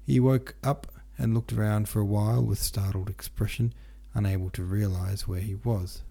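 Casting: low, gravelly male narrator for a literary audiobook, occasional restarts. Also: normal speed. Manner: steady reading with occasional stumbles and restarts.

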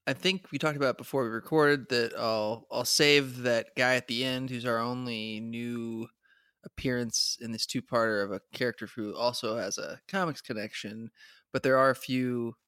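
A man co-host talks in a relaxed, hesitant way, stopping often to restart his sentences. His voice is of middle pitch, and the recording is dry and close. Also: normal speed, smooth, no room sound. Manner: hesitant, many uhs and restarts. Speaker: podcast co-host. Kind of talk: casual chat.

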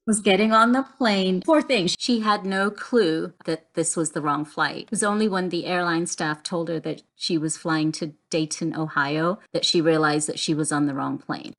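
A woman who works as a travel agent, talking in a relaxed, conversational way on a podcast and often correcting herself mid-sentence. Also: on the low side, moderate pace, hardly any pauses. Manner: conversational storytelling, self-correcting. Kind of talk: casual podcast chat.

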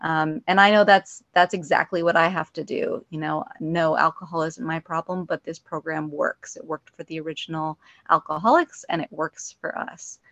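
Woman, reflective soft share, dull dry connection. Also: low-pitched, steady tone, normal speed, dry recording. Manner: soft-spoken, reflective, many fillers. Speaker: meeting member sharing. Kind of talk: casual personal share. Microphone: phone or weak call connection. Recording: dull, dry call audio.

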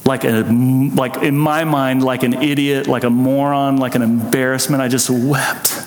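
A man's voice: mid-range voice, flat delivery, normal speed, slight background noise. A man preaching a sermon, telling his own story with earnest, emotional intensity. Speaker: pastor. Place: church sanctuary. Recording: echoey hall with long reverb.

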